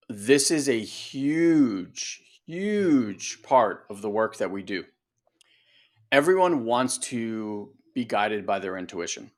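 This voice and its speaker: A man talking casually as a coach on a podcast, animated and conversational. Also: mid-range voice. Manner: animated, acts out voices, conversational. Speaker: coach and co-host.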